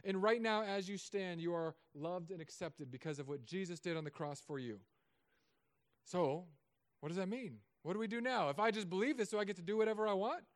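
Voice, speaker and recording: A man preaching with a fairly high, smooth, resonant voice. He delivers his sermon in an animated, joking way, swinging between loud emphasis and hushed asides. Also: a little fast. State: recovering from Achilles surgery. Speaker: pastor.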